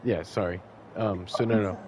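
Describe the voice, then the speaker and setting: A man's voice: sits low, fairly even intonation, normal speed, a crowd in the background. A man telling a long, crude anecdote on a casual podcast, rambling, swearing often and losing his thread. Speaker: podcast co-host. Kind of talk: casual storytelling.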